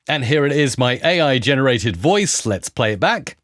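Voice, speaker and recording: A man hosting a tech channel, walking viewers through software on screen in an upbeat presenter tone. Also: mid-range voice, big pitch swings, moderate pace, no room sound, studio quality. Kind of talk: screen-recorded software walkthrough.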